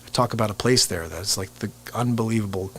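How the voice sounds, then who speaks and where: A man from New Jersey hosting a casual live stream as a comedian, telling rambling, animated stories. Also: lowish voice, fast talker, a little hiss or hum. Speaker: comedian and livestream host. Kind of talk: casual livestream chat.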